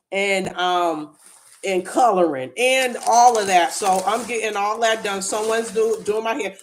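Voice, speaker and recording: A woman hosting a livestream, talking candidly and earnestly to viewers, with frequent restarts. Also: medium pitch. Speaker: livestream host. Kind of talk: casual livestream chat.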